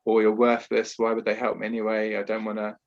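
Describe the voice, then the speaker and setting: Male therapist guest, somewhat low voice, earnest and explanatory, muffled call audio. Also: monotone, fast talker. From Britain. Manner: earnest, explanatory, frequent "you know" and restarts. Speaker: trauma therapist, podcast guest. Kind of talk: podcast interview over a video call. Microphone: video call.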